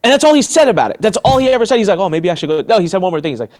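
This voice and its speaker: Animated man telling a story. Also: sits high, racing. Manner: animated, acts out voices in his story. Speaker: interview guest, entrepreneur. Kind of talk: storytelling in a podcast interview.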